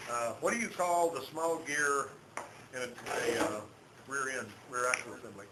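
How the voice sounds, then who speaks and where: In an auto shop classroom, a male automotive instructor with a mid-range voice lectures at a moderate pace, quizzing students and drilling terms through repetition. A far camera picks him up, and the shop is echoey with loud background noise.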